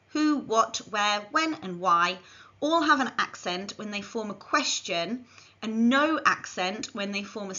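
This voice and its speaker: Slow, bright-voiced woman teaching a language. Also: medium pitch. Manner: slow, careful modelling of phrases for learners to repeat. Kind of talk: scripted language lesson. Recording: dull lo-fi recording.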